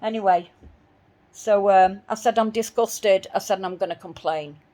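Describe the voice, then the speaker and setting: A woman's voice: medium pitch, normal speed, warm tone. A woman telling a personal story in an indignant voice, repeating herself as she replays her arguments. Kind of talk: spoken personal account.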